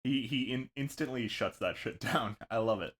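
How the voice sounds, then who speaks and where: A man's voice: medium pitch, normal speed, fairly bright tone. A man co-hosting a casual manga book-club podcast. He mostly agrees and chimes in with short, easygoing comments. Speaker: podcast co-host.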